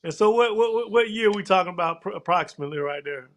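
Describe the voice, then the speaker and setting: A man's voice: sits high, lively intonation, fairly bright tone. A man hosting a live show, chatting loosely and tossing in "man" and "look here" all the time. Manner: casual, drawn-out, repeats "man" and "look here". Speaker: host.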